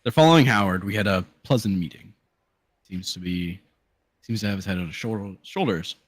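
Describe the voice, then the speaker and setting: A man voicing a calm, matter-of-fact male white wolf in a tabletop game. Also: sits low, brisk, husky, no room sound.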